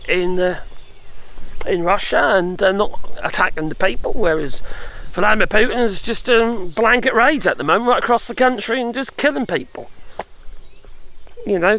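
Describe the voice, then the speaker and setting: A man's voice: high voice, bright, forceful tone. A man giving a rambling, sarcastic opinion vlog, full of chuckles and tag questions. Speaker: political commentator.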